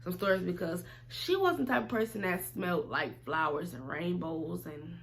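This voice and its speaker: A young woman telling a casual storytime, animated and slangy, acting out both sides of the conversation. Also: on the low side, moderate pace, vocal fry, a little hiss or hum.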